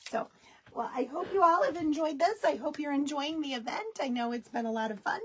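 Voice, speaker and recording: A woman's voice: sits high, fairly quick, a little hiss or hum. A woman hosting a live craft tutorial, chatting folksily with viewers as she works. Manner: baby talk to her dogs. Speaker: craft kit host.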